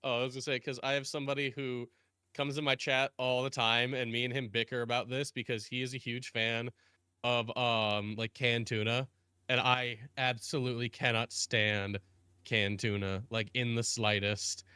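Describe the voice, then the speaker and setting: A man guest streamer in casual chat, animated and laughing often, sometimes putting on voices. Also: mid-range voice, normal speed, clear, resonant tone, no room sound, clean studio sound.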